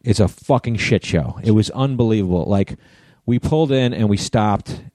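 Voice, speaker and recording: A man's voice: lowish voice, normal speed, warm tone, dry recording. A middle-aged man co-hosting a podcast, telling a story in a casual chat style, with a wry, teasing manner and frequent swearing. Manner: wry, teasing, backchannels often. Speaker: podcast co-host.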